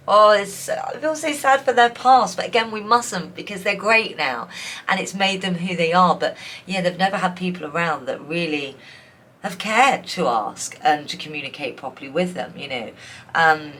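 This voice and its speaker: A woman's voice: sits low, fairly bright tone, slight background noise. Tearful, effusive woman reading tarot. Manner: emotional, effusive, rambling with many restarts and fillers. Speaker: tarot reader. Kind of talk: pick-a-card tarot reading.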